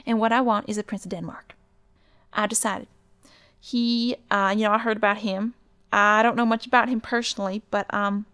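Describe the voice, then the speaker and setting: A woman's voice: medium pitch, fairly bright tone, clean tone, dry recording, close to an everyday voice. A woman with a Southern US accent playing a snooty, rambling teenage girl set on becoming a princess. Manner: chatty, rambling, defiant. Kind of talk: improvised comedy character.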